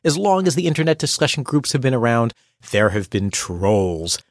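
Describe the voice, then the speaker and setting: A man's voice: medium pitch, big pitch swings, moderate pace, no echo, studio quality. A man coaching and hosting a scripted podcast, in a wry, playful manner. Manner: wry, playful, acts out quoted voices. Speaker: executive coach and host.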